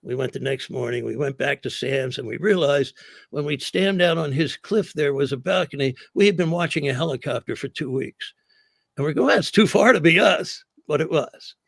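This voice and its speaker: An older man, a comedian guest, telling animated anecdotes in a casual interview and acting out the quotes. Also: medium pitch, moderate pace, gravelly, dry recording, studio quality.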